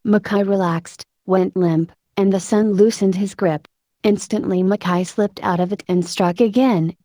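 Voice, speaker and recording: A woman narrating a story in a steady, measured reading voice. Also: mid-range voice, no room sound. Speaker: audiobook narrator.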